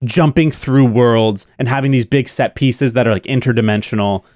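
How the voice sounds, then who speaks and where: A man talking through a film on a casual podcast, his thoughts tumbling out with plenty of "like" and "uh". His voice sits at an ordinary middle pitch. It is recorded close and dry, with no room sound. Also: normal speed, darkish tone, dry recording. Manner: rambling, enthusiastic, many fillers. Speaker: podcast co-host. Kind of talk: casual movie review chat.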